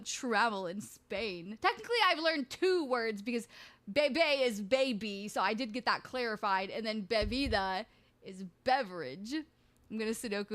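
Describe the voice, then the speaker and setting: A woman's voice: on the high side, a bit bright. A woman streaming live, chatting in a rambling, jokey way full of crude banter. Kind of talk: casual livestream chat.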